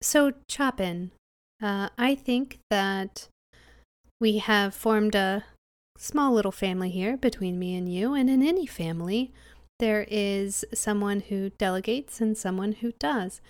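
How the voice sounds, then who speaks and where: Brief: unhurried woman player, dry close sound, playful. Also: medium pitch, no echo.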